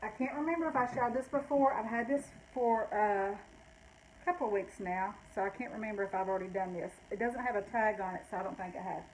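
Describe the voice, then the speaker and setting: A woman's voice: medium pitch, fairly quick, a little mellow, a little hiss or hum, low-quality recording. An older woman, out of breath, chatting casually as she shows items from her vintage shop and rambles, correcting herself along the way. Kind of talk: casual live sale talk.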